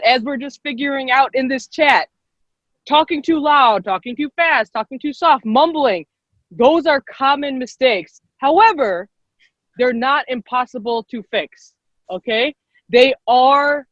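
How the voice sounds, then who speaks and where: A woman's voice: sits high, a bit bright, no echo. A young woman leading a live online class for girls, upbeat and encouraging, repeating herself and laughing often. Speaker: workshop leader. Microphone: computer mic on a video call. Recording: dull lo-fi video call sound.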